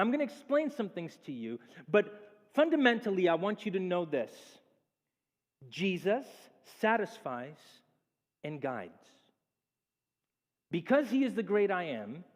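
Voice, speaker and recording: Male pastor with a high voice and an animated sermon delivery, recorded with long church reverb. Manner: animated preaching, acts out quoted speech. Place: church sanctuary.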